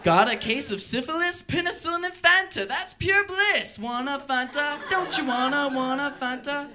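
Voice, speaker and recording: A man's voice: extremely high pitch, normal speed, over music, crowd noise, pitched above the performer's own voice. A man voicing a troupe of perky young female jingle singers in a chirpy, sing-song rhyme.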